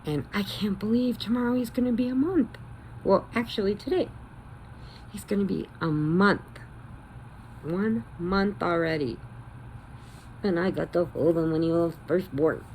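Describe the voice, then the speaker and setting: A middle-aged woman telling a story casually in her vlog, chatty and animated, acting out the quotes. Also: mid-range voice, measured pace, long pauses, a little hiss or hum. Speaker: vlogger.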